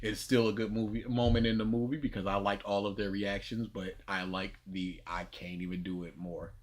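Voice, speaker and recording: A man co-hosting a casual livestream discussion, excitable, acting out quotes and laughing a lot. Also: lowish voice, moderate pace. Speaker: livestream co-host.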